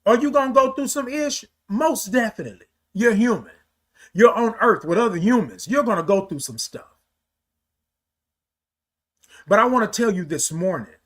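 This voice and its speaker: A man's voice: high-pitched, expressive, fairly quick, a bit bright. A man hosting a morning livestream, greeting viewers by name and giving them a heartfelt motivational talk. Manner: preachy, talks straight to viewers, greets commenters. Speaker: livestream host.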